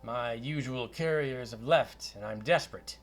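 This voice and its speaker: A man's voice: medium pitch, unhurried, natural voice. A man putting on a portly Scottish wizard merchant. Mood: brisk. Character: portly swaggering wizard merchant, brisk and eager.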